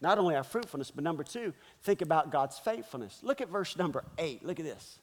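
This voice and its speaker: A man's voice: fairly high pitch, sing-song, fairly quick, hardly any pauses, big-room sound. A man preaching a sermon as pastor, firing off emphatic rhetorical questions. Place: church.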